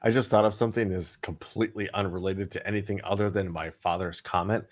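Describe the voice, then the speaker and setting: A man's voice: low voice, steady tone, quick pace. A man co-hosting a casual podcast chat, digressive and profane, often laughing. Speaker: co-host.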